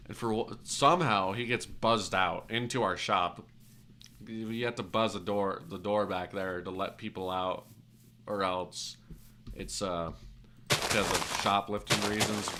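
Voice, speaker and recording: A man's voice: lowish voice, fairly even intonation, measured pace, pushed and bright, a little hiss or hum. A man streaming a game while telling a rambling, self-correcting story in casual, occasionally profane speech.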